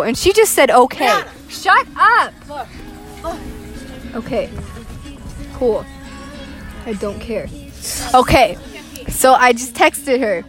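A teenage girl on a bus telling a rambling, profane story in casual chat as a student podcast co-host. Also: fairly high pitch.

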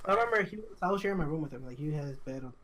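Young man telling a story haltingly. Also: fairly high pitch, animated, fairly bright tone. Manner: halting, repetitive, full of "like" and restarts. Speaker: podcast co-host. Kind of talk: casual storytelling chat.

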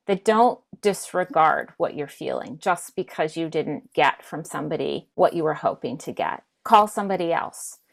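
A woman speaking as a therapist guest, giving gentle advice and often repeating words as she thinks. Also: fairly low pitch, vocal fry. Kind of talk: casual advice talk.

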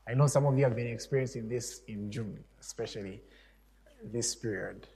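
A man's voice: mid-range voice, normal speed, a little hiss or hum. Storytelling male preacher in echoey hall. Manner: conversational storytelling, chuckles often, animated. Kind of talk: sermon.

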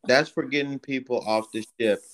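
A man co-hosting a casual podcast chat, explaining his points in a slow, measured way. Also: mid-range voice, fairly bright tone. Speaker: podcast co-host, submariner.

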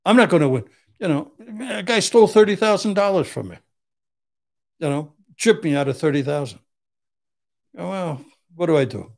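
A man's voice: a little high, expressive, moderate pace, creaky. An older man, a criminal defense attorney, telling blunt, profane stories in casual chat and acting out what people said. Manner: profane, blunt, acts out quotes.

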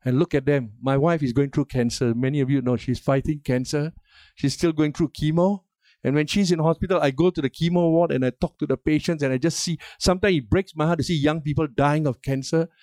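Older male pastor, emphatic sermon delivery with call-and-response, slightly high voice, dry close sound. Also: steady tone, fairly quick, a little mellow, no room sound.

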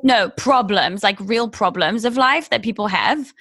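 A woman's voice: medium pitch, measured pace, fairly bright tone. A young woman co-hosting a podcast over a video call, sarcastic and swearing a lot in casual chat. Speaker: podcast co-host.

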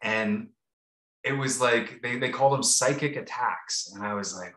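A man's voice: medium pitch, measured pace, pushed and bright. Rambling man in an echoey room. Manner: rambling, many restarts and fillers. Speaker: podcast co-host. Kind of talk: casual storytelling chat. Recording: roomy echo.

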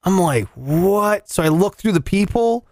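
A man hosting a show, telling a story in casual, profane, animated chat and acting out the voices in it. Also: sits high, moderate pace, no room sound. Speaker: radio show host. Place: in Las Vegas.

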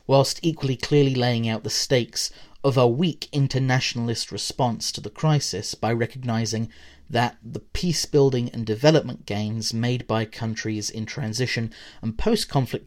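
A man with a middle-pitched voice reads a prepared academic essay for his podcast, working through long quoted passages. He lifts his voice at each new point and lets it sink quietly at the ends of sentences. Now and then he breaks off into a casual aside to the listener. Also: normal speed. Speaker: podcast host. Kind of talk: reading a prepared essay on politics.

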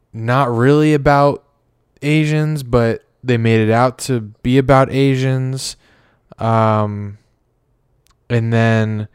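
A man's voice: mid-range voice, clear, resonant tone, no room sound, clean studio sound. A man co-hosting a podcast in casual chat, easygoing and full of "um"s as he raises a topic. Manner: easygoing, filler-heavy, questioning. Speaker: podcast co-host.

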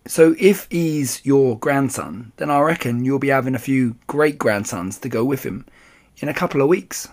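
A man's voice: mid-range voice, moderate pace, a little mellow, natural voice. A man reading aloud voices an oldish, talkative taxi driver with a folksy, cheeky manner. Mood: chatty.

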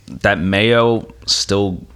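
A man's voice: lowish voice, very slow. A man from New Jersey chatting casually on a podcast, telling stories and laughing often. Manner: animated storyteller, laughs often. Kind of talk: casual chat.

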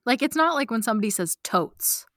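A woman with a light Mexican Spanish accent, a podcast guest in casual chat, animated and quick to laugh and swear. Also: a little high, no room sound, clean studio sound.

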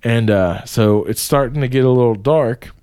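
Guy telling a crazy party story, swears a ton, mid pitch, dry close mic. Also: moderate pace, smooth, no room sound. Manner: profane, animated storytelling with frequent swearing. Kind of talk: casual storytelling chat.

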